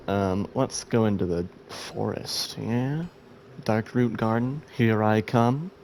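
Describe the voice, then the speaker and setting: A man's voice: on the low side, slow, darkish tone, slight background noise. A man who has just woken up, chatting through his gameplay in a rambling, self-mocking way. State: sleepy, just woke up. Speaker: gameplay video host. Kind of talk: casual let's-play commentary.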